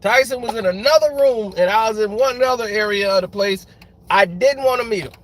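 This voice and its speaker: A man's voice: sits high, a little fast, fairly bright tone, slight background noise. A man telling casual stories as a guest, laughing often and acting out the people he quotes. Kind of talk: casual storytelling.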